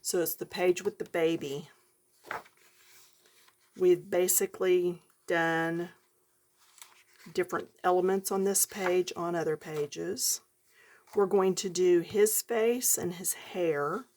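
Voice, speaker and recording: A woman's voice: lowish voice, fairly even intonation, slow pace, long pauses, a little mellow, slight background noise. A woman giving a chatty coloring lesson, talking directly to her viewers. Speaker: coloring tutorial host.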